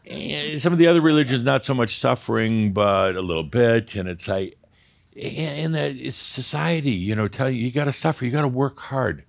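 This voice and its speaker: A workshop leader runs a live group session, animated and joking with the room while pushing people to state things plainly and specifically. His voice is medium-pitched and gravelly.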